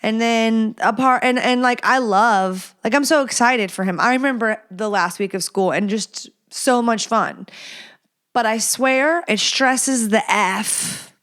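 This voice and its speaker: A woman's voice: fairly high pitch, unhurried, fairly bright tone, clear, resonant tone. A woman in her thirties talks through a casual solo podcast from her home. Her talk is loose and rambling, full of self-mocking asides. Now and then she drops to a whisper. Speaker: podcast host.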